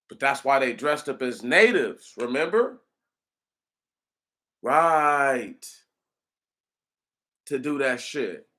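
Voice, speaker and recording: A man delivering a casual, rambling monologue, animated and profane, speaking straight to his listeners. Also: mid-range voice. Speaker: commentator.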